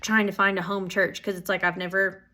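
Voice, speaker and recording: Young woman, earnest personal vlog update, gushing and rambling, mid-pitched voice. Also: level tone, brisk, sharp tone. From Oklahoma. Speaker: Bible school student.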